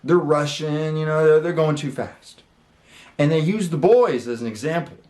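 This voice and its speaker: A man's voice: fairly high pitch, normal speed, darkish tone. Rambling man in a roomy echo. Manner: rambling, with many fillers and casual swearing. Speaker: channel host. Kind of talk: casual storytelling. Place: his room.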